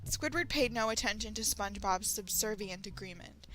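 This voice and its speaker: Bright-voiced woman reading a story aloud. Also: medium pitch, moderate pace, faint music behind, low-quality recording. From Texas. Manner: animated, laughs and breaks off to react. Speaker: story reader, channel host. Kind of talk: reading fan fiction aloud with comments.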